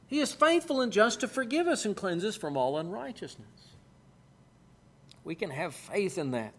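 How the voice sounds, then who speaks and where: High-voiced earnest male preacher. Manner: earnest and emphatic, repeating key phrases. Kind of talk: sermon.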